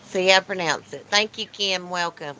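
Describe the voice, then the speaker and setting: A woman's voice: fairly low pitch, normal speed, sharp tone, a little hiss or hum, poor audio. A woman hosting a casual livestream chat from her porch, teasing and reading comments aloud. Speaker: channel host. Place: porch outdoors.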